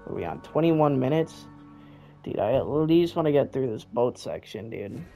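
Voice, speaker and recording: A man's voice: medium pitch, very animated, moderate pace, gravelly. A young man giving gameplay commentary, frustrated and swearing as he rants at the game he is playing. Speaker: gamer. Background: loud game music and gunfire.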